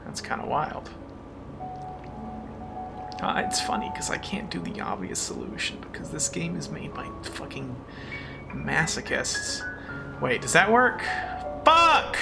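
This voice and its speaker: A man's voice: medium pitch, very animated, a little slow, gravelly, pauses often. A man streaming a puzzle game in casual chat, frustrated and self-mocking, who swears often and thanks viewers as he plays. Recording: game stream with music behind.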